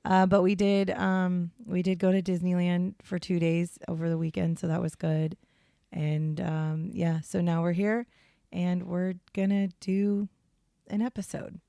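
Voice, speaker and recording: A woman's voice: lowish voice, flat delivery, measured pace, gravelly, warm tone, no echo, clean studio sound. A woman co-hosting a casual true crime podcast, chatting in a rambling way with fillers, recording in a small hotel room. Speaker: podcast co-host. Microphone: headphones and portable podcast setup.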